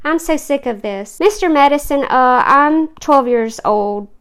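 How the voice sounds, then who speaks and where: A glum, sickly boy of twelve in a wheelchair, read by a woman, complaining in a plaintive tone. The voice sits high, as in a storybook reading. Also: unhurried, a bit bright. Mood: gloomy.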